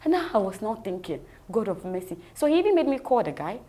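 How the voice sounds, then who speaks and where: A woman's voice: medium pitch, very animated, quick pace, dark tone. A woman with a Ghanaian accent, an interview guest vividly telling her personal story and acting out the dialogue.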